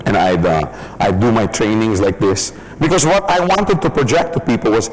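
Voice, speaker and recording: A man's voice: on the low side, moderate pace, few pauses, a little hiss or hum, poor audio. A man giving a business training seminar in a chatty manner, often laughing and acting out examples.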